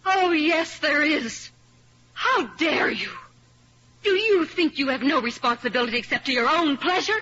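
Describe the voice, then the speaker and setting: A woman's voice: sits high, moderate pace, few pauses, sharp tone. A woman playing a devoted, possessive woman in a 1950s radio drama, talking in a pleading, insistent way. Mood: impassioned. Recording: lo-fi old radio recording.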